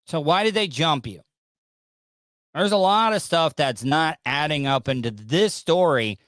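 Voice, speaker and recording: A man's voice: fairly high pitch, animated, moderate pace, a bit bright, dry recording. Male podcast host, wisecracking and mocking, dry room. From Southern US. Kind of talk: casual commentary on news clips.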